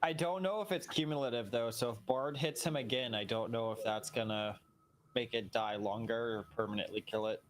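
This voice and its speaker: Excited man narrating a game with friends. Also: mid-range voice, brisk. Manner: excited, laughing, narrating the action. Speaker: event host and player. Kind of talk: casual gaming chat with friends. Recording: faint background noise.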